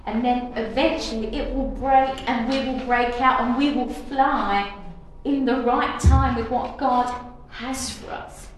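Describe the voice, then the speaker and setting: High-voiced woman preaching in an echoey room. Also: steady tone, a little slow. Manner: earnest, declarative, with repetitions and restarts. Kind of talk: charismatic devotional message. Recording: very echoey room with faint noise.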